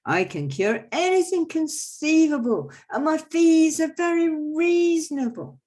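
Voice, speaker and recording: A woman's voice: high-pitched, expressive, unhurried, darkish tone, voice pushed up. A woman voicing a comic, boastful quack doctor from a folk mummers' play, reeling off rhymed claims of cures. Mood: showy. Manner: rattling off rhymed boasts, showman patter.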